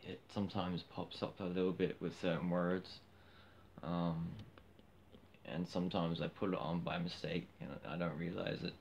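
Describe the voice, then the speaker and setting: A man livestreaming from his phone, chatting casually and bluntly, cheeky and quick to get loud and heated. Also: low voice, flat delivery, gravelly, highs cut off, slight background noise. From Australia.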